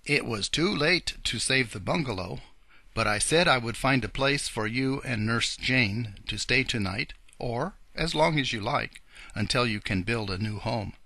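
A man voicing kindly old Mother Goose, who speaks gently and matter-of-factly. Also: medium pitch, lively intonation, unhurried, gravelly, no room sound, full character voice. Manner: gentle, matter-of-fact storyteller's tone.

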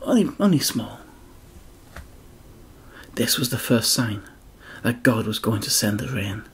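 A man's voice: mid-range voice, lively intonation, measured pace, slight background noise. A man narrating a Bible story for children, speaking expressively and addressing the kids directly.

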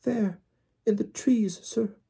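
Storybook figure: man putting on a squeaky, stammering, fearful elf girl, high and shaky. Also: slow, vocal fry, mellow, slightly rough, full character voice. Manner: stammering, broken grammar. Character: terrified squeaky female house-elf servant.

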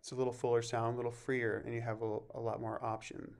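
A man teaching a vocal masterclass, explaining warm-ups and breathing in a relaxed way and breaking off to sing short examples. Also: mid-range voice, fast, gravelly. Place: music camp masterclass recording.

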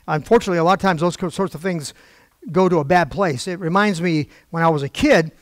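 A man's voice: a little high, fast talker, dry recording, studio quality. An older man preaching in a storytelling style, acting out quoted voices with wry asides.

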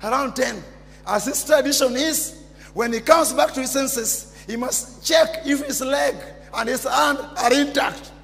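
A man preaching a sermon as pastor, emphatic and repetitive, bursting into shouts. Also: extremely high pitch, measured pace, creaky. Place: church. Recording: long church reverb with music behind.

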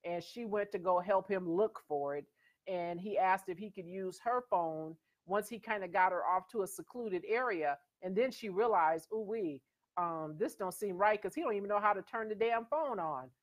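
A woman's voice: mid-range voice, moderate pace. A middle-aged woman hosting her own show, talking casually and emphatically as she tells stories. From USA. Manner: conversational and emphatic, storytelling with quoted voices. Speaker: host. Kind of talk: casual commentary.

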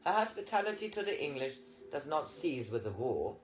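A man's voice: mid-range voice, big pitch swings, normal speed, slight background noise, natural voice, low-quality recording. A man voicing a jovial little male French country doctor who reassures with fussy good cheer. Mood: cheerful reassuring.

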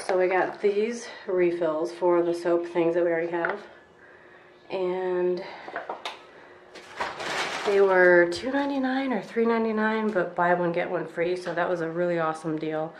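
A woman with a somewhat low voice talks casually to her viewers from her kitchen, wry and a little exasperated. Her tone stays chatty and offhand, and a faint hum of room noise sits behind her. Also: fairly even intonation, normal speed. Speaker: vlogger. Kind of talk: casual vlog chat. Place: home kitchen.

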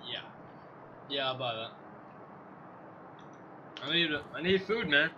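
A man's voice: on the high side, animated, slow pace, long pauses, muffled recording, over music. A man giving joking let's play commentary, swearing and talking back to the game's characters. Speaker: gameplay commentator.

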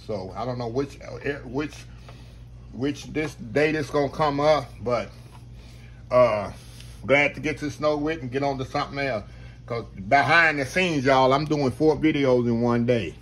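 A man's voice: medium pitch, measured pace, fairly bright tone, slight background noise. A man hosting a casual cooking demonstration, folksy and talking straight to his viewers. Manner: folksy, talks straight to viewers, says y'all constantly. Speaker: cooking show host.

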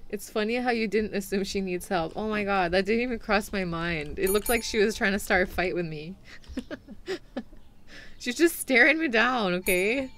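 A woman's voice: medium pitch, moderate pace, a bit bright. A young woman streaming a game, chatting animatedly with her viewers and laughing often. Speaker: VTuber streamer. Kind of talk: casual gameplay commentary.

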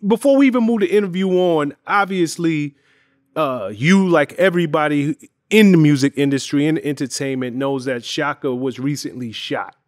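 A man hosting a casual interview, giving shout-outs and asking loose, restarting questions. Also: a little high, moderate pace, no room sound, clean studio sound. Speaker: interview host.

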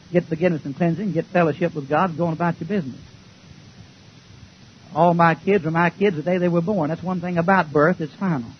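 A man preaching a fiery sermon to a church congregation, folksy and joking, sometimes shouting. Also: a little high, highs cut off, a little hiss or hum.

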